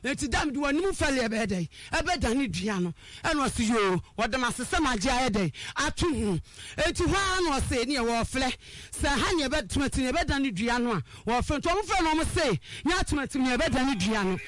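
A woman telling a personal story, animated, acting out the people she quotes and raising her voice at times. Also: high voice, normal speed.

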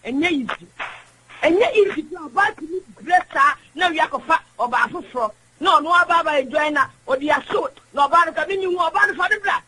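A woman's voice: high-pitched, expressive, a little fast, sharp tone, poor audio. A woman calling in to a radio show, speaking with impassioned emphasis and mixing English into her talk. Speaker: caller. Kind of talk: radio call-in opinion.

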